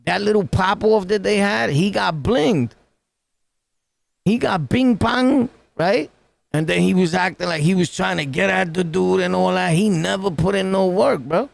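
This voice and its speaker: Gravelly New York man, streetwise talk. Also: sits high, unhurried, no room sound. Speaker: reaction streamer. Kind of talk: casual commentary. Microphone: close to the mic.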